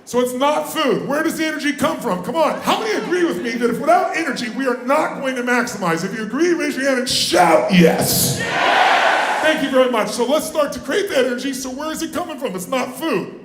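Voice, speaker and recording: A man giving a live motivational seminar, commanding and firing questions and shouted calls at the crowd. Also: very high-pitched, animated, fairly quick, background noise. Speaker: motivational speaker. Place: large hall with live audience. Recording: echoey hall with faint ambience.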